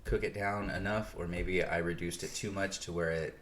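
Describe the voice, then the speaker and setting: A man's voice: low voice, steady tone, moderate pace, fairly bright tone, a little hiss or hum. A man co-hosting a podcast, chatting casually and explaining things in detail. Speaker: podcast co-host. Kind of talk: casual chat. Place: North Carolina.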